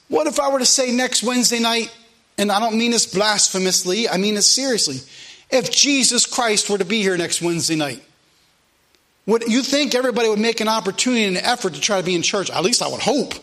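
A pastor preaches to his church in a high, ringing voice. He is earnest and conversational, circling back to repeat his points and slipping in plain asides. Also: fairly quick, bright, forceful tone. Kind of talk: sermon. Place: church sanctuary.

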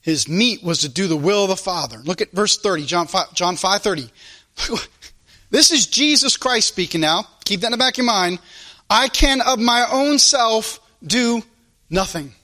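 High-voiced bright-toned preacher. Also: male voice, animated, moderate pace. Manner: preaching with sudden rises and drops in loudness. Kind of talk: sermon. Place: church service.

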